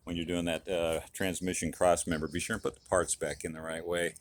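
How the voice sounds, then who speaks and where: A very low-voiced middle-aged man chatting in a folksy, rambling way about fixing his car. He sounds enthusiastic, pausing on fillers as he goes, with a faint hiss of noise behind him. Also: level tone. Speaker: car hobbyist vlogger. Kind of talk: casual DIY car vlog.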